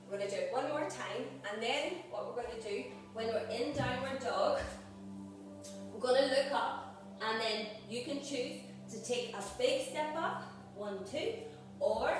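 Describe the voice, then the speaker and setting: A woman yoga teacher guiding a live group class, calling out poses and breaths in an encouraging way. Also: mid-range voice. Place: group exercise studio. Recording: echoey room, voice far from mic, background noise.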